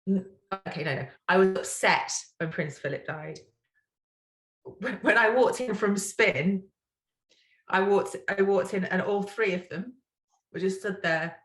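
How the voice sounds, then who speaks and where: A woman co-hosting a podcast, emotional and talkative, often checking in with "right?". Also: mid-range voice. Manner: emotional, quick, talkative, tags remarks with "right?". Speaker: podcast co-host. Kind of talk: casual chat. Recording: roomy echo.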